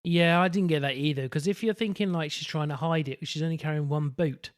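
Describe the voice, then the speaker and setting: A man's voice: on the high side, a little fast. A man co-hosting a podcast, chatting candidly and self-deprecatingly about a film. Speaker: podcast co-host. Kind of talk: casual film discussion.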